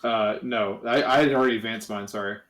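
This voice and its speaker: A man's voice: fairly low pitch, steady tone, a little fast, fairly bright tone. A man co-hosting a game stream in casual chat, rambling and often restarting his sentences. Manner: rambling, starts sentences over. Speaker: co-host and player of a game stream.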